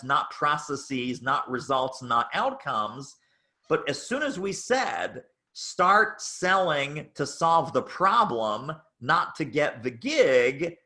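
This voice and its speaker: Emphatic, bright-voiced man teaching sales. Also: medium pitch. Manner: emphatic, repeats phrases for effect. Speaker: speaker at a chapter meeting. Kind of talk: sales training talk.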